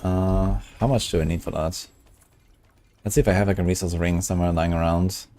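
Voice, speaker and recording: A man's voice: deep voice, fairly even intonation, fairly quick, dark tone, a little hiss or hum. A man casually chatting and thinking aloud while he streams a game. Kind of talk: casual gameplay commentary.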